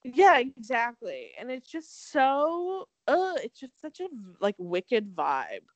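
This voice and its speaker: A young woman talks fast and animated as she recaps a dating show, swearing freely and acting out what the cast said. Her voice sits a little high and swings widely in pitch. The sound is dry and close. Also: dry recording, rough recording. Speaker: podcast co-host. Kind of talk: casual chat recapping a reality dating show.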